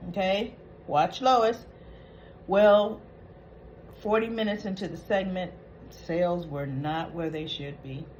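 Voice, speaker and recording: A woman's voice: on the low side, takes it slowly, long pauses, a little mellow, slight background noise, rough recording. A woman hosting a casual soap opera recap, chatting through the episode and acting out the characters' lines as she goes. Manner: chatty, retells scenes acting out quoted lines.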